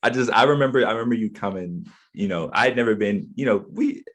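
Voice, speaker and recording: Deep husky laid-back man. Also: expressive, brisk, a bit bright. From Eastern Shore, USA. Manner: laid-back, slangy, repeats words. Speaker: podcast host. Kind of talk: casual chat.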